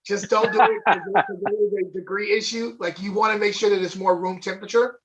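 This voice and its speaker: Enthusiastic male wine co-host, high voice, casual livestream chat. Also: steady tone, fast talker, a bit bright, lo-fi sound. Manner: enthusiastic, chatty, with fillers. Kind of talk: live online wine tasting chat. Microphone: webcam or desk mic on a video stream.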